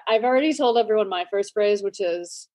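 A woman in her forties hosting a podcast, telling stories in a lively way with quick asides and frequent laughs. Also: mid-range voice. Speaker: podcast host. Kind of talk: casual chat.

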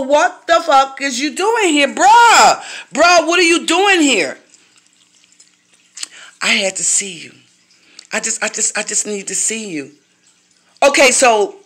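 A woman's voice: medium pitch, pushed and bright. Blunt, profane woman ranting. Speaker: vlogger. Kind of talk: casual monologue to viewers.

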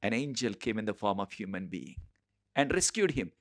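A man preaching a sermon, telling a story with frequent pauses and repeated phrases. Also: on the low side, sing-song. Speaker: preacher and Bible teacher.

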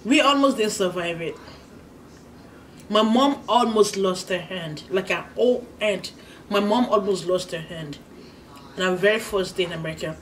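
A Nigerian woman with a Nigerian English accent and a mid-range voice hosts her channel's casual mukbang. She chats and tells a story while eating, pausing to hum with enjoyment over her food. The mic sounds slightly distant, with faint background noise.

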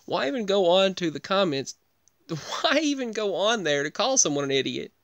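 Subdued, rambling man with a smooth voice. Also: high-pitched, sing-song, moderate pace, fairly bright tone, no room sound. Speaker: podcast host. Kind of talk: emotional personal talk.

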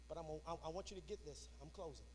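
A man preaching a sermon, shouting in a sing-song cadence in a church sanctuary. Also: on the high side, animated, quick pace, a little hiss or hum. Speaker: pastor.

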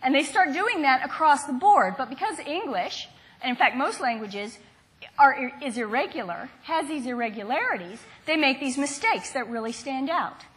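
High-pitched woman lecturer from the southern US, engaging, quizzes the room. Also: lively intonation, moderate pace, a bit bright. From Southern United States. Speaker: university lecturer. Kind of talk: university lecture.

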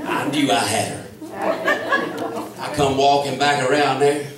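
A male evangelist spins a comic story in an animated, folksy manner. His voice comes from a distance and rings through a big, echoey sanctuary. The congregation is audible around him. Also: mid-range voice, a little slow, long pauses. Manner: humorous, folksy, animated storyteller who acts out quoted voices. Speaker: evangelist preacher. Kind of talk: storytelling sermon. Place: large church sanctuary with congregation. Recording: echoey church hall, mic far off, crowd audible.

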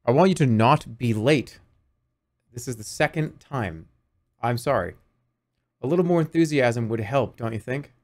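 A man's voice: mid-range voice, normal speed, pauses often, natural voice. A man reading the lines of a strict café boss who scolds a late worker in a sarcastic way, while streaming a game. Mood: scolding.

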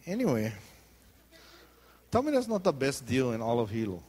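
A man's voice: medium pitch, big pitch swings, normal speed, pauses often, warm tone, husky. A middle-aged man with a Hawaiian Pidgin accent, preaching in a chatty, joking storytelling way. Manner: chatty storytelling, jumps into voices. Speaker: pastor. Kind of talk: joking sermon talk.

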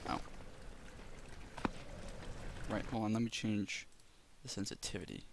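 A man's voice: lowish voice, brisk, background noise. A man rambling nervously while playing a horror game, often muttering in fright. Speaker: let's play gamer.

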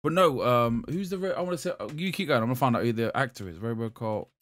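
A man's voice: medium pitch, lively intonation, quick pace, fairly bright tone. A man co-hosting a gaming podcast, chatting loosely and rambling. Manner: rambling, loose, swears casually. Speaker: podcast co-host. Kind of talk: casual chat.

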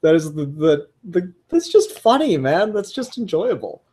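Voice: medium pitch, sing-song, normal speed, warm tone, slightly rough. A comic book reviewer talking casually and enthusiastically, rambling with frequent fillers and restarts. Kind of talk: casual solo review podcast.

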